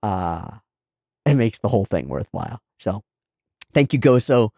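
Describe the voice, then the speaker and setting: A man's voice: lowish voice, sing-song, measured pace, creaky, mellow, no echo, studio quality. A man hosting an anime reaction channel, wrapping up a season with earnest, thoughtful casual commentary and filler words.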